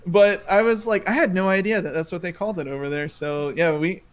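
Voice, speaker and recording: A man with a slightly high voice co-hosts a casual gaming podcast. He tells stories loosely, full of "uh" and "like", and often breaks into laughter. He sounds relaxed and chatty on a podcast mic. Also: brisk. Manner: laughing storyteller, many fillers. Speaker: podcast co-host. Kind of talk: casual chat.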